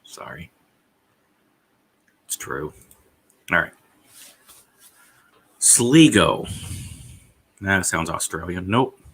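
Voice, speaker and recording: A man live-streaming himself, rambling casually and thinking aloud, swearing now and then and filling pauses with "uh". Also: deep voice, expressive, a bit bright, breathy edge.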